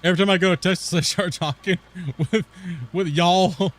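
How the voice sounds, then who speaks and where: A man's voice: sits high, fairly even intonation, normal speed, a bit bright. Slangy laughing streamer guy with a Pacific Northwest accent. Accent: Pacific Northwest US, with West Coast Canadian touches. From northern US near the Canadian border. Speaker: game streamer. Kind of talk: casual gaming stream chat.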